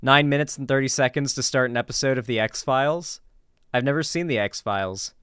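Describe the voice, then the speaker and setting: A man talks through a reaction commentary in an easygoing, rambling way, piling on filler words and sarcastic asides. His voice is smooth and clear at a middling pitch, recorded dry and close with no room sound. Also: fairly quick, a bit bright, dry recording. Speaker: commentary host.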